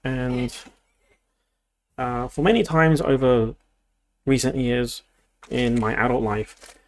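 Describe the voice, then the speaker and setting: A young man talks through his build in a loose, meandering way, often restarting his sentences as he thinks aloud. His voice sits at a middling pitch with a noticeable gravelly fry running through it. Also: fairly even intonation, slow. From Australia. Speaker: streamer. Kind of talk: casual livestream chat while building.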